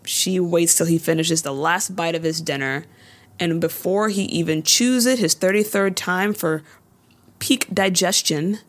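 A woman's voice: on the low side, a little slow. A woman co-hosting a podcast, casually recapping a TV episode and acting out the characters' lines. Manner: animated storytelling, acts out lines in quotes. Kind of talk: casual chat.

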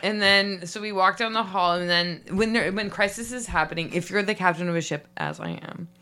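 A woman spins an improvised comic story in a rambling, bubbly way, laughing as she goes. Her voice sits a little low yet sounds bright and forward. She leans on likes and half-finished sentences. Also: fairly quick. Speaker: improv comedy guest.

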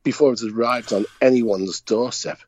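A man's voice: mid-range voice, fairly even intonation, moderate pace, a little mellow. A man with a Liverpool Scouse accent telling anecdotes in casual chat, blunt and chuckling as he talks. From Liverpool, England. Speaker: podcast co-host.

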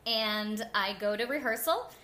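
A young woman with a bright, clear voice set a little high. She tells her stories in a casual interview, animated and chatty, with lots of "like". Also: a little slow. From New Jersey. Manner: animated and chatty, with frequent "like" and laughter. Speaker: guest.

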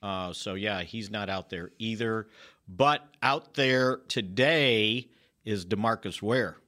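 A man's voice: on the low side, slow pace, sharp tone. A man giving injury updates on a casual sports talk show in a studio, wry and joking.

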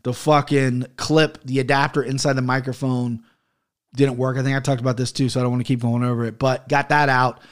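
On his home-office podcast, this host rants heatedly and swears a lot, yet his medium-pitched delivery stays flat at a fairly quick pace. He speaks into an arm-mounted studio mic.

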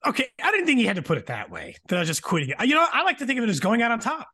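A man co-hosting a podcast in easy, joking chat. He pokes fun at himself and laughs often. His voice sits high and swings widely in pitch. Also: wildly swooping pitch, rapid-fire, pushed and bright, husky. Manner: laughing, self-deprecating. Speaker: podcast co-host. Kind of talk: casual chat.

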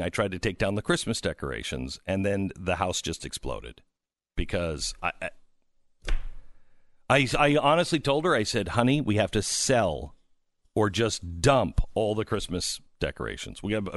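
A man's voice: lowish voice, sing-song, moderate pace, fairly bright tone, dry recording, studio quality. A middle-aged man hosting a radio talk show, joking, reading ads and mimicking other people's voices. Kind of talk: casual radio talk and live ad reads. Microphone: studio microphone.

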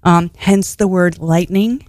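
A woman's voice: lowish voice, fairly even intonation, takes it slowly, darkish tone, no room sound, studio quality. A woman hosting a casual podcast, playful and giggly as she runs the games. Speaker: podcast host.

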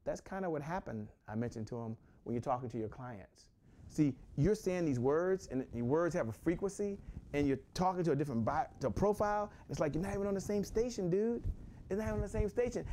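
A man from Washington, D.C. gives a high-energy motivational sales talk. His pitch sits a little high and swings widely, climbing and dropping as he repeats his points. His delivery builds like a sermon. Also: fairly quick, a little hiss or hum. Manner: energetic, repetitive, animated preacher-like delivery. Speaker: host, sales coach.

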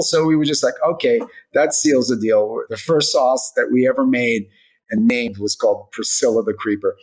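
In this casual podcast interview, the guest, a man who founded a hot sauce brand, wanders through talk about his product, filling it with "like" and "you know." His medium-pitched voice moves at a normal speed with a darkish tone, captured in a low-quality recording.

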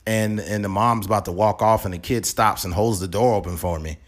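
A man's voice: on the low side, a little fast. A man hosting a casual podcast chat, talking bluntly and with plenty of profanity, acting out little scenes as he goes. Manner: blunt, profane, animated storytelling. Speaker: podcast host.

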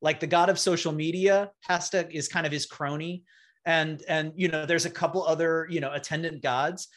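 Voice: medium pitch, fairly even intonation, moderate pace, a bit bright. A game master narrating a tabletop game, setting scenes in a playful, vivid way.

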